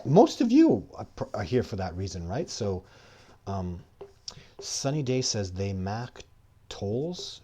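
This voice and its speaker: A man's voice: on the low side, a little mellow. A middle-aged man from Canada, hosting a live stream and answering chat questions in a rambling, casual way that turns heated and indignant.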